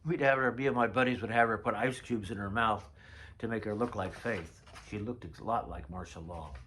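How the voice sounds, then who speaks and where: A man's voice: on the low side, brisk, fairly bright tone, a little hiss or hum. A man in his sixties telling rambling, chatty stories about old notes from his past. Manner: chatty storyteller, drifts off mid-thought. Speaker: vlogger. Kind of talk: casual reminiscing vlog.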